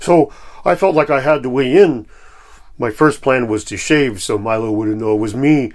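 A man's voice: mid-range voice, normal speed. A man hosting his own commentary video in a casual, conversational and self-deprecating way. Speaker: YouTube host.

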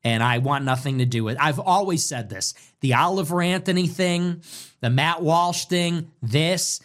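A man's voice: on the high side, animated, unhurried. A man commentating in a solo monologue, emphatic and repetitive in short punchy sentences.

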